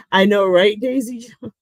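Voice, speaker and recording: Woman, middle-aged, livestream host; slow, blunt, sarcastic, cusses a lot, dry close sound. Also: mid-range voice, no echo, rough recording. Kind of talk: casual livestream commentary, reading chat.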